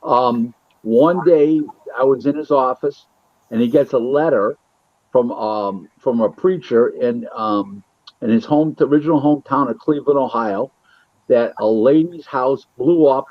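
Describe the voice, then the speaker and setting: Boxing matchmaker, male, from Buffalo; lively interview storyteller who acts out dialogue, on a dry and muffled line. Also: medium pitch, measured pace, no room sound. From Buffalo, New York. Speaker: boxing matchmaker and booking agent. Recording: dull, lo-fi, dry sound.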